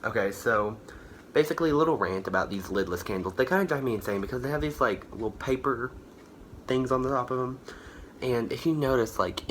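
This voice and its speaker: A lowish, slightly bright male voice rambles through a candle haul in a casual product review chat. He uses lots of fillers and self-corrections and sounds a bit tired and out of breath. A little hiss or hum is audible.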